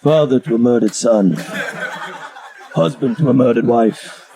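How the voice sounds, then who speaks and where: A man doing a lowered, solemn impression of a vengeful Roman gladiator general, over crowd laughter in a live club. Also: unhurried, background noise, lightly acted.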